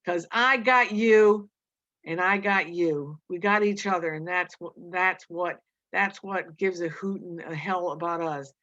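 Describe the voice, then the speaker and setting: A woman voicing a weary working man who speaks quietly and flatly in a storybook reading. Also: mid-range voice, normal speed, no echo, close to an everyday voice. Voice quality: quiet, monotonous. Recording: dull lo-fi recording.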